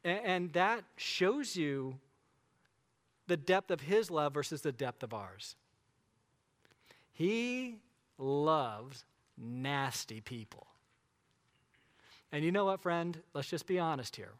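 A man's voice: a little high, animated, a little slow, a bit bright. Man preaching in a reverberant hall. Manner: emphatic, conversational preaching with rhetorical questions. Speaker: pastor. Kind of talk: sermon.

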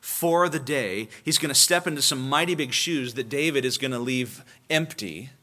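An emphatic male pastor preaching a sermon, his voice sitting at a middle pitch. He hammers points home by repeating them, and he shifts between quiet, low stretches and raised urgency. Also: normal speed.

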